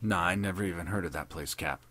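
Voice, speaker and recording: A man's voice: low-pitched, fast, bright, forceful tone. A man voicing a furtive street hoodlum turned soldier, cocky and defiant in his talk.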